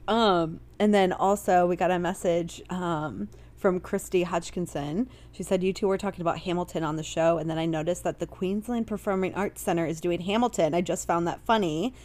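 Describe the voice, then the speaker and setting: A woman's voice: on the low side, steady tone, moderate pace, a little mellow. A woman co-hosting a podcast in casual chat, chatty and giggly, laughing often as she reads listener messages. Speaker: podcast co-host.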